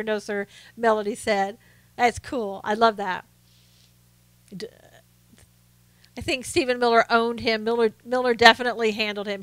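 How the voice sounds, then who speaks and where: A woman's voice: fairly high pitch, sharp tone, clear, resonant tone, no echo. A woman from the South, hosting a casual live stream, chatting to viewers and often laughing. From American South. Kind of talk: casual political chat reading viewer comments.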